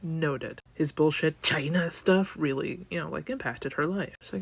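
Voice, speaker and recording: A woman's voice: sits low, moderate pace, vocal fry, breathy edge. A woman from Canada rambling sarcastically through a casual vlog monologue, full of fillers. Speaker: vlogger.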